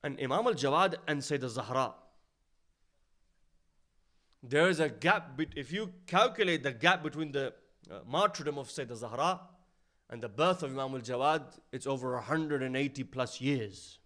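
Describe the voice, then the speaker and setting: A man's voice: animated, moderate pace. Man preaching a storytelling sermon. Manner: storytelling, drops to a low hushed voice for sad quotes; rises louder when stressing points. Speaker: speaker at an Islamic centre.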